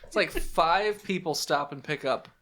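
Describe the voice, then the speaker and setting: A man's voice: a little high, unhurried, bright, forceful tone, a little hiss or hum. A young man narrating as game master in a casual, laughing, profane way.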